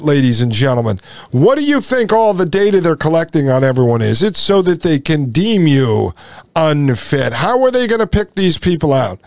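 A man's voice: fairly high pitch, very animated, normal speed, gravelly, no echo. Sarcastic male podcast host, dry sound. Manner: sarcastic, mocks with put-on voices. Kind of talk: commentary reading aloud from a text.

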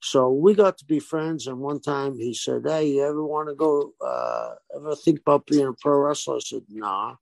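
Ex-wrestler guy telling a story, rough fry in his voice, does all the quotes himself. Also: a little high, moderate pace, few pauses, no room sound. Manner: animated storyteller who acts out quoted dialogue. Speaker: guest, former pro wrestler. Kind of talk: casual storytelling interview.

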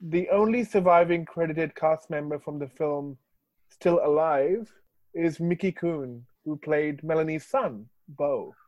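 A man's voice: fairly high pitch, a little slow, darkish tone, dry recording, muffled recording. A man in a casual film chat, laid-back, reading out facts he looked up.

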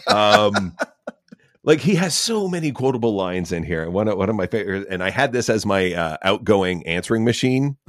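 A man co-hosting a casual chat show, rambling and enthusiastic, circling back with fillers and restarts. His voice sits low but swings widely in pitch. The recording is dry and close. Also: big pitch swings, moderate pace, dry recording. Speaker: podcast co-host.

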